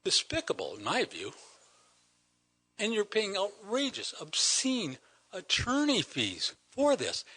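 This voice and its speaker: An older man stands at a council meeting delivering an indignant public comment, hammering home rhetorical questions. His voice is bright and forceful, a touch high, and it swings widely in pitch as he presses each point. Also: huge pitch swings, takes it slowly, slightly rough. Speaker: citizen delegate at council meeting.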